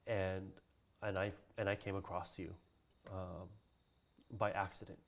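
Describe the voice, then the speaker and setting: A man's voice: deep voice, little pitch movement, a little slow. A man from Hawaii, a cultural practitioner, telling a long personal story in a casual interview, acting out the voices of the people he quotes and laughing often.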